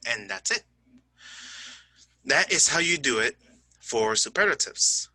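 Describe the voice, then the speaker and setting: A man teaching an English grammar lesson in a chatty, joking way. He keeps checking understanding with "right?" and "okay?" and slows down to spell out word endings. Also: medium pitch, sing-song, pushed and bright, dry recording. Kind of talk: recorded online grammar lesson.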